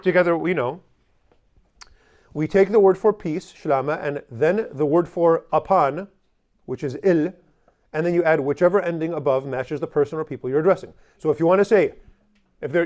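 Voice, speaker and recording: Male language teacher, slightly higher voice, joking and hands-on with the class. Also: moderate pace, darkish tone. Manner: joking asides, drills the class with repeat-after-me.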